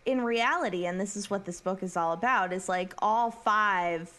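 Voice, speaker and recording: A woman's voice: medium pitch, moderate pace, bright, forceful tone. A woman co-hosting a casual chat, explaining her view reflectively. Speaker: podcast co-host.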